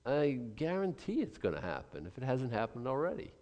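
Animated older man preaching in a hall. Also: mid-range voice, a little fast, highs cut off. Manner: emphatic, acts out quoted voices, many restarts. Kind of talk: sermon. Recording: long reverb of a large hall.

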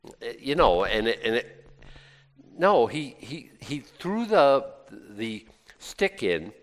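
A man's voice: mid-range voice, very animated, slow. A man preaching a conversational sermon in a folksy, rambling way, full of asides and restarts. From United States. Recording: long reverb of a hall.

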